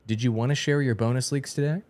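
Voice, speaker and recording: A man hosting a game showcase livestream, joking loudly and mock-excited in casual banter with a guest. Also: medium pitch, quick pace. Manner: loud, goofy, mock-excited. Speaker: host.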